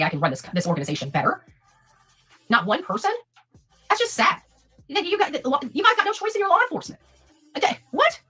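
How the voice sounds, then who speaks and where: A woman's voice: sits high, pushed and bright. A woman from Florida ranting indignantly in a casual live panel chat.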